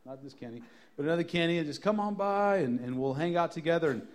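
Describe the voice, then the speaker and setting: A middle-aged pastor delivers a sermon in a church, his voice sitting a bit higher than most men's. He tells funny stories in a loose, conversational way and leans hard into emphatic, repeated refrains. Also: lively intonation, quick pace. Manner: joking storyteller who builds to emphatic repeated lines. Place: church sanctuary.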